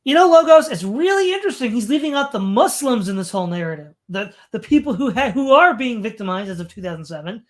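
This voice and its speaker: A stream host with a mid-pitched voice, reading long passages aloud from a home mic. The reading is broken up by sarcastic commentary and asides. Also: lively intonation, fast talker, few pauses.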